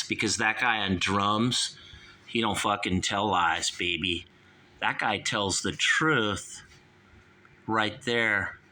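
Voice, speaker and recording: A man's voice: fairly low pitch, sharp tone. A man hosting a call-in show, ranting heatedly and swearing.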